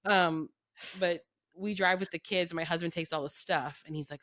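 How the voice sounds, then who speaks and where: Woman in her thirties, casual chat, blunt and swearing, bright forceful tone, lowish voice, dry close sound. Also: steady tone, moderate pace, no room sound. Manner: candid, swears freely, laughs while telling stories. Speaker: podcast guest.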